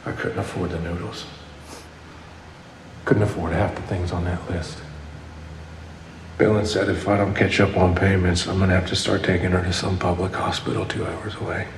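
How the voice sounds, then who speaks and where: Tired, strained dad, low voice; roomy clip audio with background noise. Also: male voice, little pitch movement, normal speed, pauses often. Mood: weary. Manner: weary, defensive. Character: worn-down father under money strain. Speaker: film character, a struggling father. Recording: echoey film clip with noise.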